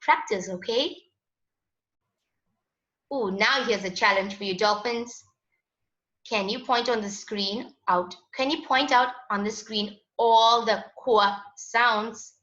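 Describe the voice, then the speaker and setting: A woman's voice: on the high side, takes it slowly, a bit bright. A woman teaching a children's phonics lesson in a patient, sing-song voice. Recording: echoey, dull lo-fi room sound.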